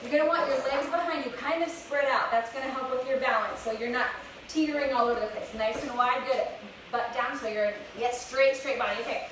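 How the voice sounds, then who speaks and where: A bright, high-voiced young woman coaches children through a workout, upbeat and a little breathless. She sounds set back from the mic, with a strong echo and clear background noise around her. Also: brisk. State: slightly out of breath. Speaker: fitness instructor. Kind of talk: live kids' workout class. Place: outdoors, open space. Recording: echoey, distant with background noise.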